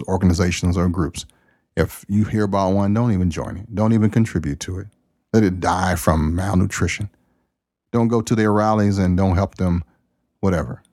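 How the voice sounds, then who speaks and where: Deep-voiced, folksy male podcast host. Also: a little mellow, no echo, studio quality. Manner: folksy, preachy, plain-spoken. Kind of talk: casual spoken monologue.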